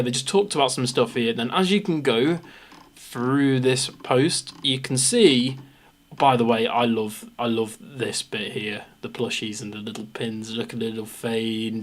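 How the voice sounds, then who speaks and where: A young man from England with a Midlands accent, chatting through a live reaction stream, rambling and poking fun at himself. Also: mid-range voice. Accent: English Midlands. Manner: rambling, self-mocking, jumps between topics.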